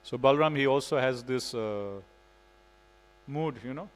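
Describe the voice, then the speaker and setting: A man's voice: mid-range voice, measured pace, rough recording. A man giving a devotional scripture class in a temple, telling stories in a casual way with frequent "you know". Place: temple hall.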